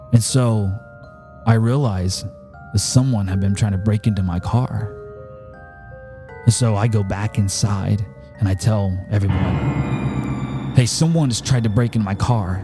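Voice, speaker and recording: A man hosting a podcast, telling a personal story and turning it into earnest, emphatic preaching. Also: lowish voice. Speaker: podcast host.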